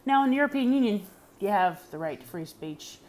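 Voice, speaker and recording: An American woman talks straight to her audience in a loose, rambling vlog, frank and chatty. She sounds hot and sweaty, but she keeps talking, and her pitch sits in a middle range. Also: expressive, brisk, darkish tone, a little hiss or hum. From United States. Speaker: vlogger. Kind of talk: casual vlog chat. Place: indoors in Germany.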